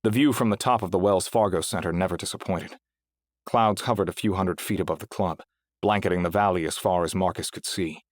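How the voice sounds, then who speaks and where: A man with a notably deep voice reads a novel aloud in steady, even scripted narration. He is recorded close on a dry booth mic with no room sound. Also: fairly quick, no echo. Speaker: audiobook narrator.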